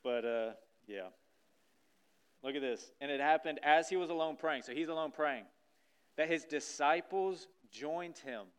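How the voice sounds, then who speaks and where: A man preaching a sermon in a church, acting out scripture scenes with lively energy. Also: on the high side, measured pace, clear, resonant tone. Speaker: pastor. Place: church sanctuary stage.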